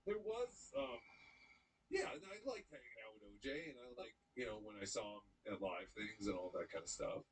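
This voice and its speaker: A man's voice: fairly low pitch, lively intonation, normal speed, breathy edge, poor audio. A man hosting a live stream, bantering in a brash, profane, mock-outraged way. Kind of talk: casual live stream chat.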